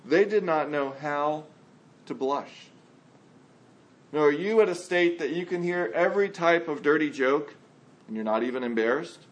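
A male pastor preaching a sermon in an earnest, conversational way, sometimes acting out the people he quotes. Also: a little high.

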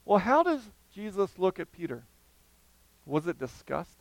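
Man preaching with a smooth, high voice. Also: normal speed, dry recording, low-quality recording. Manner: animated storytelling, acting out quoted voices. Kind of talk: sermon.

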